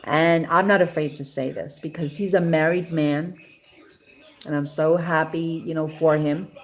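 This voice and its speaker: A woman's voice: sits low, fairly even intonation, a little slow. A woman from Queens, New York, telling her love story in a casual, rambling way, full of fillers and restarts and close to tears at times. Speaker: interviewee sharing her love life.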